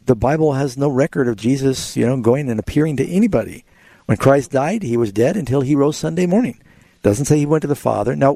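Male radio Bible host, gravelly and mellow, dry close sound, earnest explainer. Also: mid-range voice, dry recording. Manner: earnest, explanatory, quotes scripture. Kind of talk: call-in radio Bible answers.

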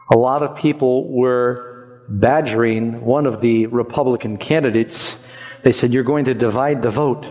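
A man preaching a sermon in an animated, conversational way, jumping up in pitch for emphasis. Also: long reverb tail.

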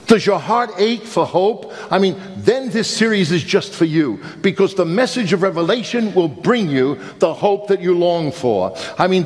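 High-voiced preacher in a reverberant hall. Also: male voice. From Brooklyn, New York. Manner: rhetorical questions, emphatic repetition. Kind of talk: sermon.

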